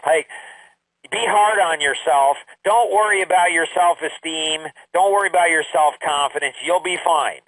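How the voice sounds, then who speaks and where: An older man giving his grandchildren a rambling, emphatic life lesson, with sudden high exclamations. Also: unhurried, fairly bright tone, dry recording, far from the mic, poor audio. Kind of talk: casual recorded talk to family.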